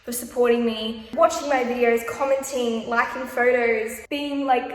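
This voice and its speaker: A woman's voice: fairly high pitch, fairly even intonation, normal speed, few pauses. A young Australian woman chatting casually through a house-tour vlog, bubbly and full of "like". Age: young adult. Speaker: vlogger. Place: empty house, indoors, walking room to room. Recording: echoey bare rooms.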